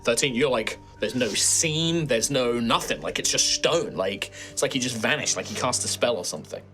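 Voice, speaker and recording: A man's voice: medium pitch, expressive, moderate pace, sharp tone, soft background music. A man running a tabletop game, narrating in a loose, chatty way full of fillers. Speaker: game master.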